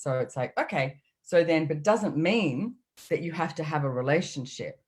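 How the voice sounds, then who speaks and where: A woman's voice: sits low, lively intonation, normal speed, few pauses, a little mellow. A middle-aged woman speaking in a casual, chatty way as a podcast guest, acting out her inner voices as she talks. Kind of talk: casual chat.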